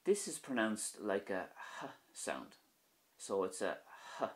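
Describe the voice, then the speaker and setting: A young man with an Irish accent teaching Irish pronunciation in a video lesson, slowly repeating each example word. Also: on the low side, very animated.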